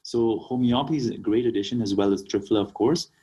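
A man's voice: medium pitch, fast talker, warm tone, husky, highs cut off. A man from Kenya, a naturopathic doctor, explaining remedies as an interview guest and often checking in with "right?". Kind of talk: casual interview talk.

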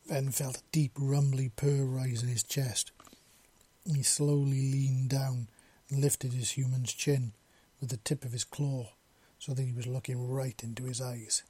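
A man narrating a story in a steady, even reading. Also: mid-range voice, measured pace, husky.

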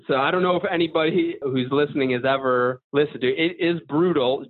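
A man's voice: fairly high pitch, brisk. A man hosting a podcast, asking friendly, rambling questions in a casual interview. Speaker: podcast host. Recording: tinny phone-like audio.

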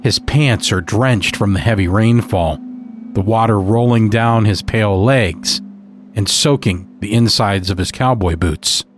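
Low-voiced man narrating a dark tale. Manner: measured, dark storytelling. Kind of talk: scripted narration.

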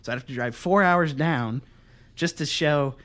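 A young man in his twenties co-hosting a podcast, telling a long profane story in a casual, animated way and laughing as he goes. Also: a little high, normal speed. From Pennsylvania. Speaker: podcast co-host.

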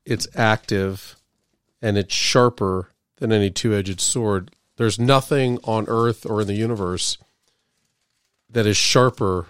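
A man co-hosting a faith podcast in a studio, speaking in a measured, emphatic way. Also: lowish voice, smooth, no echo. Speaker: podcast co-host.

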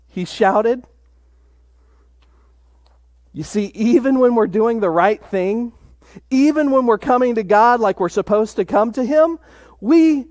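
A middle-aged man preaching a sermon, stressing key phrases by slowing right down. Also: very high voice, lively intonation, a little mellow, no echo, clean studio sound. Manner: emphatic, slows down on key phrases. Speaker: pastor.

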